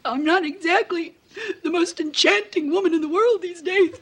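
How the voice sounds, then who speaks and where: An actress playing an anxious, suspicious middle-aged wife in a sitcom, shrill and accusing, swinging to teary. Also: female voice, lively intonation, fairly quick, husky. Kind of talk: sitcom acting before a studio audience.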